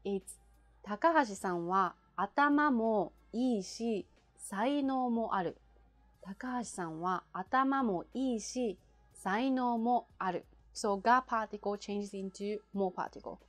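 Faint music plays behind a medium-pitched woman, a native Japanese speaker, as she gives an informal language lesson. With patience, she repeats sample phrases in a slow, clear way.

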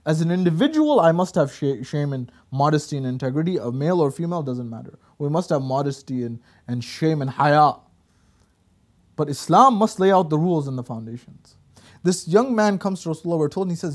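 Male guest speaker, high-pitched, animated storytelling preacher. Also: fairly quick. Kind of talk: religious talk show discussion.

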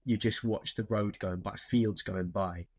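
A man's voice: fairly low pitch, fairly even intonation, a little slow, darkish tone, no echo. A man, a guest in an interview, talking thoughtfully about films with many restarts. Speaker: actor guest. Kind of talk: casual interview chat.

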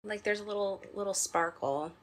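A woman's voice: medium pitch, moderate pace. A woman co-hosting a casual podcast chat, reflective and encouraging, often chiming in to agree. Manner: affirming, reflective, many "yeah"s. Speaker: podcast co-host.

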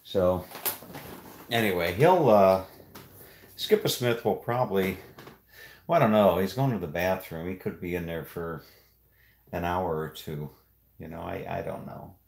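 A man casually vlogging as he walks through a house, rambling with frequent halting pauses. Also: low voice, darkish tone. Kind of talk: casual walk-through vlog. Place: indoors in a house.

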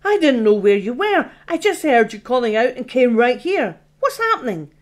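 A woman's voice: a little high, big pitch swings, moderate pace. A woman voicing a male ghost who is a loyal friend, urgent and strained, in an audiobook.

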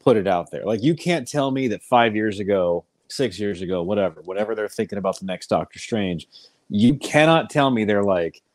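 A man's voice: lowish voice, normal speed, darkish tone, dry recording. A man co-hosting a podcast in casual chat, profane and emphatic, acting out quoted lines. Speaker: podcast co-host.

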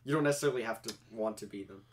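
A man's voice: on the low side, very fast. A young man hosting a casual podcast, rambling through anecdotes with easy laughter and many fillers. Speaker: podcast host. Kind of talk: casual chat.

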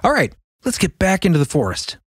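A man co-hosting a podcast, chatting casually and recalling things quickly. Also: sits high, wildly swooping pitch, breathy edge, no echo, clean studio sound. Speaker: podcast co-host.

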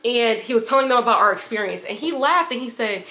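A woman's voice: on the high side, lively intonation, fast talker, few pauses, sharp tone, roomy sound. A woman from upstate New York telling a personal story in a casual, candid vlog, rambling and swearing freely. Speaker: vlogger.

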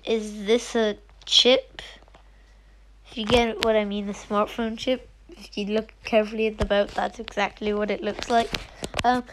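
A woman's voice: on the high side, noisy background. A woman giving casual, giggly gameplay commentary, muttering half to herself as she scrolls through a game. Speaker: gaming streamer.

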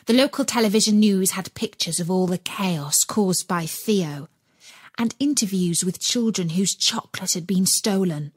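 Husky woman reading a children's story. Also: mid-range voice, moderate pace, no room sound. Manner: expressive, storytelling. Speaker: narrator. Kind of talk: children's audiobook narration.

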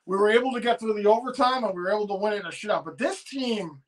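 Excited, high-voiced man ranting about his team. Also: slight background noise, low-quality recording. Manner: excited, rambling, swears freely. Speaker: livestream host and fan commentator. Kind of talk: casual post-game chat.

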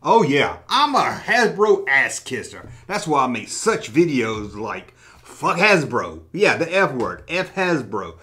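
A man's voice: mid-range voice, big pitch swings, a little slow, hardly any pauses, pushed and bright. A man hosting a casual vlog who talks with sarcastic jokes and swears freely. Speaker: toy collecting YouTuber. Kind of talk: casual vlog, reading comments.

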